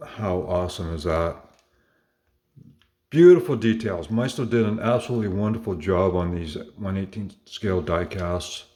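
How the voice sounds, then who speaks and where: Low-voiced guy rambling happily about his collection, lots of uhs and little corrections. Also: a little mellow. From Canada. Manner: enthusiastic, rambling with fillers and self-corrections. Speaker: collector showing model cars. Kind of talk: casual show-and-tell.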